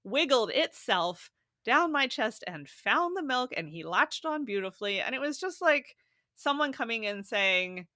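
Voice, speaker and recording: A woman guest on a podcast, telling a story in an animated, casual way and laughing often. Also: on the high side, unhurried, no echo, clean studio sound.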